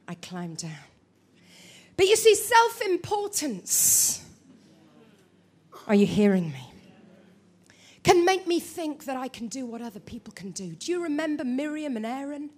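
Woman preacher, very high voice, lively storytelling sermon, engages the congregation. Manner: storytelling, animated, calls out to congregation.

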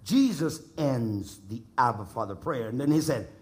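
A man from the United States preaching a sermon to a congregation, emphatic and repeating lines for them to echo back, building to shouts. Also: mid-range voice, lively intonation, normal speed, soft background music. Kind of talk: sermon with call-and-response. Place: church service before a congregation.

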